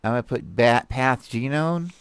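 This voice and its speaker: A man hosting a stream and reading articles aloud, rambling and animated, with many fillers, restarts and laughs. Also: medium pitch, moderate pace, smooth, no room sound. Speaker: host reviewing articles. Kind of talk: casual commentary on a live stream. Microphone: desk mic with a stream deck.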